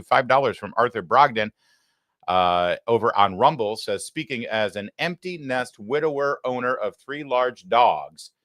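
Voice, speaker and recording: A man's voice: lowish voice, fairly bright tone, no room sound, studio quality. A man hosting a live show, chatting casually and joking with plenty of filler "uh"s. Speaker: show host.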